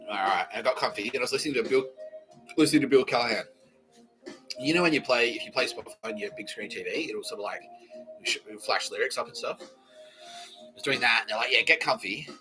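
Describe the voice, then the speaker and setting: A man hosting a podcast, telling a rambling comedic story in a loose, profane way and slipping into quick voices for the people in it. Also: mid-range voice, over music. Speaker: podcast host.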